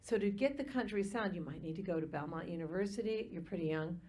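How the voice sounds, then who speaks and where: A woman voice teacher judging a live singing competition, giving measured, practical technical advice. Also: on the low side, dark tone, slight background noise. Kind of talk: live judge's critique. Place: live performance venue.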